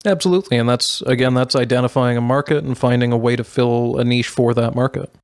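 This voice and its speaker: A man talks candidly as a podcast guest, with plain self-deprecating humor. His voice sits at mid pitch. The recording is dry and close. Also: fairly even intonation, fast, no room sound. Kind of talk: casual podcast chat.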